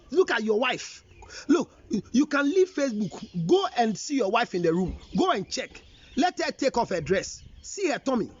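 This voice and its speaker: A man with a Ghanaian accent and a very high, expressive voice that swoops up and down as he lectures. He scolds and presses with pointed questions, a relationship counselor on a dull, lo-fi recording. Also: slightly rough. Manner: emphatic, scolding, rhetorical questions. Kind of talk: counseling talk mixing English and Twi.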